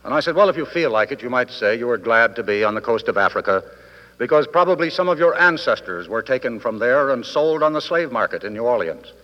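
Man, 50s, formal speech, dry wit, measured pauses, long ballroom reverb, dull old broadcast sound. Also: mid-range voice, expressive. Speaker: guest speaker at a convention. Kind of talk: formal after-dinner speech. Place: large hotel ballroom.

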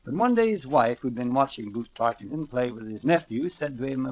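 A man's voice: mid-range voice, big pitch swings, brisk, few pauses, poor audio. A man narrating a true story on radio in an emphatic, theatrical way.

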